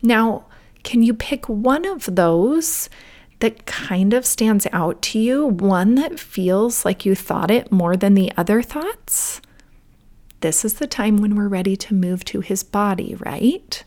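A woman hosting a parenting talk, telling a story and coaching listeners in a gentle manner that often drops to a soft whisper. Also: mid-range voice, expressive. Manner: gentle, slow and warm-hearted, often dropping to a soft whisper. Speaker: parenting podcast host.

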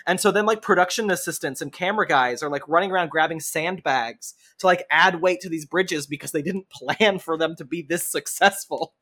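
A podcast co-host telling a story in casual conversation, wry and playful, with a mid-range pitch. The delivery is relaxed and conversational. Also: a little fast, few pauses. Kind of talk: casual chat about TV shows.

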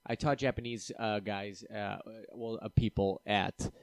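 A man telling stories in a casual chat, relaxed and hesitant, with many uhs. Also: lowish voice, unhurried, no echo.

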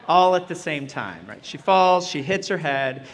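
A man's voice: a little high, animated, unhurried. A man in his thirties, a chaplain, telling a self-deprecating story in a chatty, humorous sermon to a retreat audience. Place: church retreat meeting hall. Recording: reverberant hall.

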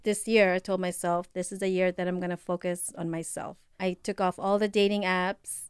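A woman's voice: on the low side, flat delivery, moderate pace, smooth, no room sound, studio quality. A woman in her forties, originally from the Philippines, chatting casually as a podcast guest and laughing often. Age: 40s. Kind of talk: casual chat.

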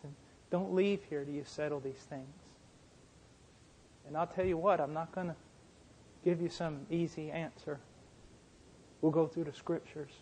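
A middle-aged man preaching a sermon, telling a story with impassioned, repetitive emphasis that swells toward fervent shouting. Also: on the high side, a little hiss or hum. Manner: impassioned, rising to shouting fervor.

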